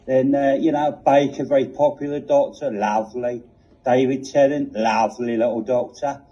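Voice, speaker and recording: A man's voice: mid-range voice, fairly even intonation, normal speed, dark tone, breathy edge. A man hosting a mock chat show in a rambling, casual way, with offhand asides. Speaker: comedy show host. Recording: dull lo-fi recording.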